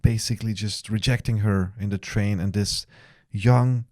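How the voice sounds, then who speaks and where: A man's voice: on the low side, steady tone, moderate pace, a little mellow, no room sound, studio quality. Teasing man on a podcast. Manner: laughs often, teasing. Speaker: podcast co-host. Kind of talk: casual podcast chat.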